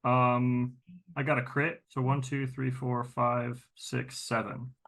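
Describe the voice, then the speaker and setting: A man's voice: medium pitch, level tone, fairly bright tone. A man playing in a tabletop game, chatting casually about dice rolls and his character. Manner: casual, chatty, quick asides. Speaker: player.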